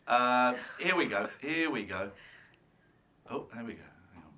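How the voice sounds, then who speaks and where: A man hosting a late-night radio phone-in, excitable and jokey, ranting and laughing easily in a studio. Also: medium pitch, measured pace, highs cut off. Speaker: radio show host.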